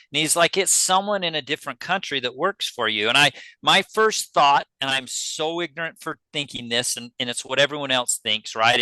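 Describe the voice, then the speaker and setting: Man, podcast guest, casual storyteller, very bright tone, smooth clear voice. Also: medium pitch, dry recording, poor audio. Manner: animated storyteller acting out his own quoted dialogue. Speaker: podcast guest, pest control business owner.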